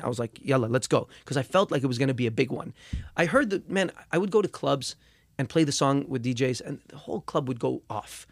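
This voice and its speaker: Recorded with no room sound, this young man speaks at medium pitch as a musician guest in a laid-back interview. His storytelling is full of swearing and repeated words, and his volume rises when he gets angry.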